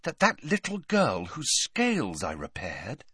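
A man doing a brisk, clever schoolgirl witch. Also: a little high, sing-song, a bit bright, dry recording, studio quality, voice pushed up, exaggerated voice. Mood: doubtful. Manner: precise, lecturing. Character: clever teenage girl witch, brisk and serious.

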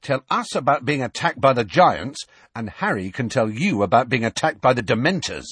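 A man's voice: medium pitch, very animated, normal speed, fairly bright tone, husky, no echo, voice pushed up. A man voicing a blunt, curious teenage schoolboy who pushes for answers. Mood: pushy. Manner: blunt, pushy.

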